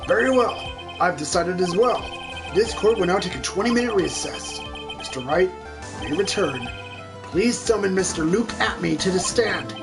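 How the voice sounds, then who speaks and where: A woman's voice: fairly low pitch, expressive, normal speed. A woman voicing a stern elderly male judge who speaks formally, pronouncing rulings over game music.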